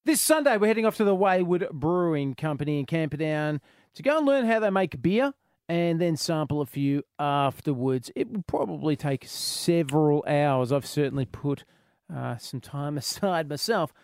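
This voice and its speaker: A high-pitched Australian man in his forties hosts a call-in radio show, bantering and laughing easily between calls. His voice is close and dry on a studio mic. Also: moderate pace, clean tone, no echo. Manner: jokey, laughs often, lively banter. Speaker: radio host.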